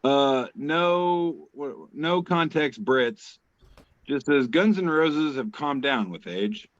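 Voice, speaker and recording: A man's voice: medium pitch, lively intonation, takes it slowly, no room sound. A man co-hosting a casual show, reading meme captions aloud with wry, swearing asides. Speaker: co-host. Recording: dull lo-fi call audio, dry.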